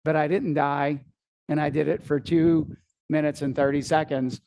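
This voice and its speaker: A middle-aged man speaks from a seminar stage in a fairly high voice. He tells a story with casual swearing and acts out his own panic. The sound is dry and close. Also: level tone, normal speed, creaky, a little mellow, no room sound. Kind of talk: live seminar talk.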